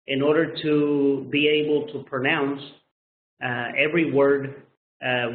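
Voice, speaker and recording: Slow, repetitive male pronunciation teacher. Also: on the high side. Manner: slow, repetitive, drills sounds with frequent "okay?". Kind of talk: classroom lesson explanation. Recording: echoey room on a tinny lo-fi line.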